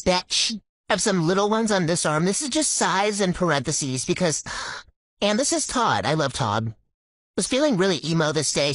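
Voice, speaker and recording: A woman's voice: fairly low pitch, no room sound. A young woman narrating a casual vlog in a sassy, self-mocking way. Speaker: skit creator.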